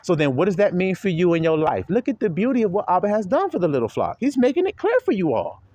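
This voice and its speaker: A male preacher giving a loose, slangy sermon to his flock. His voice sits a little high and swoops widely from low murmurs to sharp peaks. He laughs easily between points. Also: wildly swooping pitch, fast talker. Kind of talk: informal sermon to followers.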